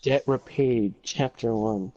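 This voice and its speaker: A man's voice: mid-range voice, slow pace, over a noisy crowd. A young man livestreaming a game with friends, talking casually in a crude, joking way. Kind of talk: casual gaming livestream chat. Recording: dull lo-fi audio.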